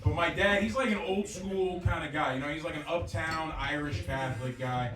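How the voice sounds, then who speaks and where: A man's voice: fairly high pitch, moderate pace. A man from the Bronx with a New York accent doing a brash, crude stand-up set at a live comedy night. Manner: loud, brash and crude, riffing with the crowd. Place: comedy club with a live audience. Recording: echoey club room, distant mic, audience laughter.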